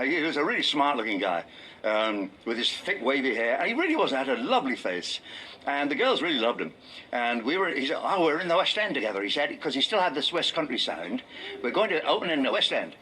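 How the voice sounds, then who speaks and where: An older English comedian and game show host, telling wry anecdotes and dropping into low mock voices for punchlines. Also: male voice, sharp tone, a little hiss or hum, poor audio. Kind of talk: anecdotal stand-up and reminiscence.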